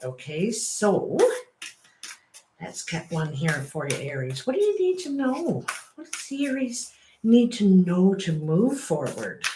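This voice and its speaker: Casting note: woman tarot reader, slow and lowish, chatty, echoey room. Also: huge pitch swings, noisy background. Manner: chatty, apologetic, laughs often. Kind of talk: casual tarot reading.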